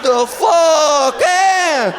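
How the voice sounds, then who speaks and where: A woman doing a brash young man who blusters and shouts. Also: high-pitched, drawn-out words, voice pushed up. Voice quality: shouting, tough-guy bluster. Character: loud brash Italian-American young man. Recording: live club audience laughing.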